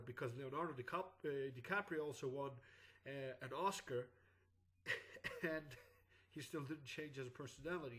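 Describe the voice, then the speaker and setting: A man's voice: on the high side, a bit bright, low-quality recording. Congested sick man commenting. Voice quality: groggy, congested morning voice. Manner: rambling, with frequent "uh" and restarts. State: sick with clogged sinuses. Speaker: YouTube commentator. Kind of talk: casual commentary to camera.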